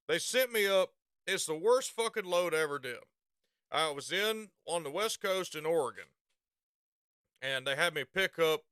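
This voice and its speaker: Bright-voiced profane Southern man. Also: fairly high pitch, smooth, no room sound, studio quality. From Southern United States. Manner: profane, rambling, laughs at his own story. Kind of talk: casual storytelling.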